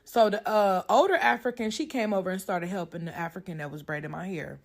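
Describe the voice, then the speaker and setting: A woman tells a casual storytime with blunt, profane energy. Her pitch sits in an ordinary middle range, and she keeps the story moving. She works as a hairstylist and talks like it. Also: a little fast. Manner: animated storytelling.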